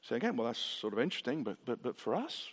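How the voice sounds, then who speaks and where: A man's voice: mid-range voice, sing-song, fast talker, breathy edge. A man preaching a sermon, earnest, building his points with rhetorical questions and repetition, heard in a reverberant church hall. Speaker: pastor.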